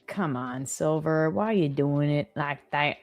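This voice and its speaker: A woman's voice: sits low, measured pace, soft background music. A young woman co-hosting a live trading stream, telling stories in a chatty way with lots of "like". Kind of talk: casual chat.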